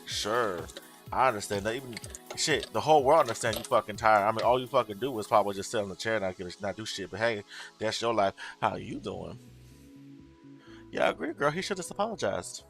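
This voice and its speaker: A man's voice: fairly low pitch, lively intonation, a little fast, vocal fry, a bit bright, soft background music. A man hosting a casual livestream, ranting bluntly with lots of swearing and answering his chat. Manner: blunt, profane, exasperated, talks back to chat. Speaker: tarot livestream host.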